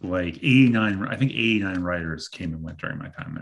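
Deep voiced co-host guy rambling with lots of likes and ums. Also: lively intonation, brisk, vocal fry, fairly bright tone. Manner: loose, filler-heavy talk. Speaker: podcast co-host, former wrestling writer. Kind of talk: casual podcast chat.

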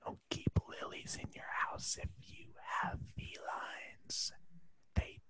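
A man voicing a mischievous male house cat, whispering deadpan non sequiturs in a whispered role-play. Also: slow pace, poor audio. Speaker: podcast co-host.

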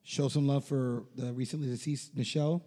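A man hosting a podcast, telling profane stories in casual chat, animated and laughing as he goes. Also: medium pitch, fairly quick. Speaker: podcast host. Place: studio. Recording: long hall reverb.

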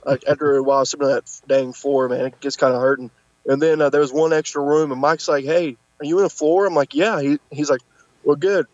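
A man tells a rambling road story in a casual, animated way, jumping his voice up to act out the people he quotes. His voice sits a bit high for a man. The recording is dry and slightly dull, like lo-fi podcast audio. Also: fairly quick, dry recording. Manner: animated, acts out quotes with pitch jumps. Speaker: podcast guest, wrestler.

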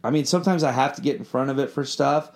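A man tells stories in an easygoing, meandering way. He circles back, restarts his sentences and leans on casual fillers. His pitch sits in the middle of the usual range for men. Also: fast. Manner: rambling, loose, lots of fillers and restarts. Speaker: filmmaker and songwriter guest. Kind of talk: casual storytelling chat.

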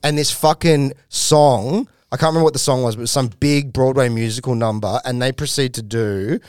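With a mid-range, clean-toned voice and a brisk pace, an Australian man spins a profane, lively comedy-scene yarn for a podcast, voicing other people's lines as he goes. The studio recording is clean, without echo.

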